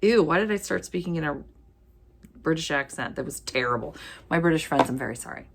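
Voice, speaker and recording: Chatty woman vlogger, low voice that swoops widely, reading titles with playful asides. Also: a little hiss or hum. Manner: chatty, animated, reads titles aloud with quick asides and laughs. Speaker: book vlogger. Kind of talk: casual chat while sorting ebooks.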